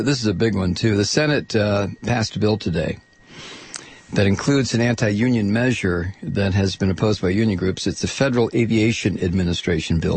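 Animated sarcastic male talk radio host. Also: lowish voice, breathy edge, no echo. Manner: animated, sarcastic, rising to outraged shouting. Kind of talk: political talk radio monologue.

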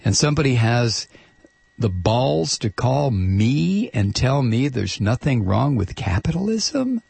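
A man's voice: medium pitch, very animated, takes it slowly, gravelly, darkish tone, slightly rough, dry recording. A male talk radio host delivering an indignant, sarcastic political rant. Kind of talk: ranting political monologue.

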